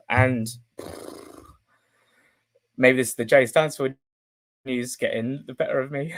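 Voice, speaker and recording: A man's voice: medium pitch, a little slow, long pauses. Rambling young man on a stream. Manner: rambling, full of fillers and restarts; emotional, excitable bursts. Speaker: football journalist streaming live. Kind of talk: casual live stream chat.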